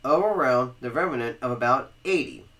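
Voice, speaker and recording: A Southern American man reads a history book aloud on a casual podcast, stumbling over words and restarting. His voice is bright and lively, moving freely up and down in pitch. The tone stays informal and chatty. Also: moderate pace. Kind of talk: casual read-aloud with banter.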